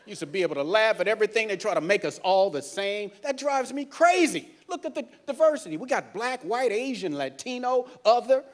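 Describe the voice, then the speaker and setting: A man working as a cruise director, doing stand-up comedy on a ship's stage and teasing the crowd loudly. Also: high voice, animated, fairly quick, hardly any pauses. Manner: loud, teasing crowd banter. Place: cruise ship theater.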